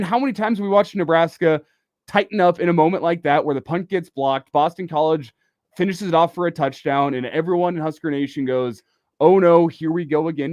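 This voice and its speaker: A male sports radio host who breaks down the game in an emphatic, argumentative manner. His voice sits a bit high for a man, and the sound is close and dry from a studio mic. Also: no echo. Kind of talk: sports talk radio analysis.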